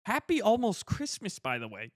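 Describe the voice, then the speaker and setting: Teasing young man, slightly high voice. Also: huge pitch swings, no echo, clean studio sound. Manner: teasing, quick to laugh. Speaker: podcast co-host. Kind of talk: casual comedic chat.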